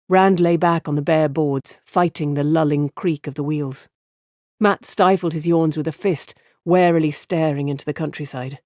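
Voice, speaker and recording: A man's voice: a little high, darkish tone, dry recording, studio quality. A man reading a fantasy novel aloud as narrator, giving the characters' dialogue small shifts of voice. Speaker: audiobook narrator. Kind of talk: scripted narration.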